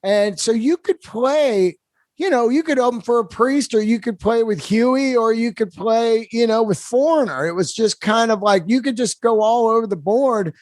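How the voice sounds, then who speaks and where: A man's voice: very high-pitched, normal speed, a little mellow, no room sound, clean studio sound. A man hosting a podcast interview, recalling things with an enthusiastic fan's eagerness. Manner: enthusiastic fan recollection. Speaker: podcast host. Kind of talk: interview chat.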